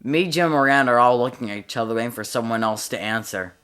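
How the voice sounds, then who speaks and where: Young man telling a story, bright voice. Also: mid-range voice, quick pace, clean tone. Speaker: comedy show host. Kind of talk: storytelling monologue.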